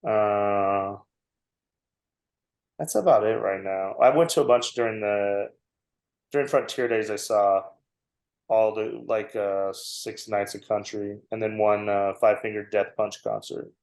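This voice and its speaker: A man in his forties, a comedian appearing as a guest on a podcast, tells a long story that pokes fun at himself and laughs often. His voice is lowish, steady, unhurried and a little mellow. The recording has a roomy echo.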